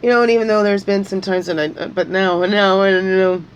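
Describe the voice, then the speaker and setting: A woman's voice: medium pitch, fairly even intonation, brisk, slight background noise, rough recording. A woman talking through her feelings in an emotional, rambling monologue, at times crying and repeating her words as her voice rises. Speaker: spiritual guidance vlogger.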